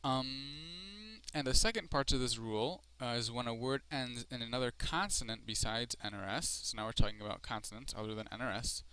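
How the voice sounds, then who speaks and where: In a recorded screencast, a Spanish teacher walks through his lesson one step at a time, often saying um. His medium-pitched voice is bright, forceful and clean, and his explanatory delivery is slow, deliberate and full of fillers.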